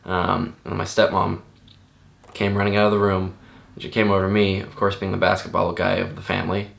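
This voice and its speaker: A young man recounting a personal memory unscripted, in a halting, earnest way with many restarts and fillers. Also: low-pitched, completely flat delivery, vocal fry, a bit bright. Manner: stunned, earnest.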